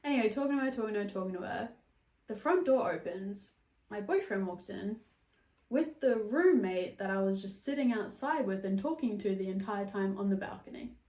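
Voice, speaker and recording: A woman's voice: medium pitch, animated, normal speed, warm tone, recorded from a distance. A young adult woman telling a story in casual podcast chat, chatty and swearing freely. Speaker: podcast host. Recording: roomy echo.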